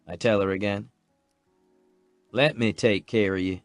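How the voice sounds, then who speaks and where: A man's voice: lowish voice, steady tone, a little slow, no echo, soft background music. A man narrating a first-person romance audiobook in a tender, earnest, protective way.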